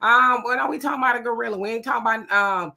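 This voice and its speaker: Bright casual woman livestream host. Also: a little high, racing, gravelly. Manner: laughing, playful, reads viewer comments aloud. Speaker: livestream co-host reading chat. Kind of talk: casual chat.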